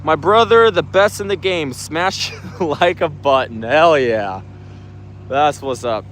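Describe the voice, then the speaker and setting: A man's voice: fairly high pitch, slow pace, a bit bright, a little hiss or hum. Laid-back young man livestreaming outdoors. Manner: laid-back, slangy, reads comments aloud. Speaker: livestream host reading chat. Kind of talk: casual livestream chat. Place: outdoors at night on a work site.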